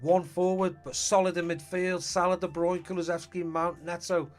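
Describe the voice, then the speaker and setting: A man's voice: high voice, little pitch movement, moderate pace, faint music behind. A man chatting casually on a live stream, greeting viewers and thinking aloud about his team.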